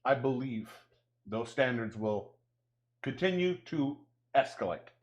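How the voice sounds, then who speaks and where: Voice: medium pitch, animated, a little slow, lo-fi sound. A co-host of a casual cooking and drinks show, teasing a partner and laughing often.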